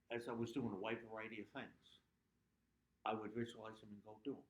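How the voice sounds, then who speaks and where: A man's voice: lowish voice, little pitch movement, a little fast, dull audio. A man giving a motivational talk as a guest speaker at a club, earnest and prone to sudden emphatic bursts. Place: meeting room at a club. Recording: echoey room.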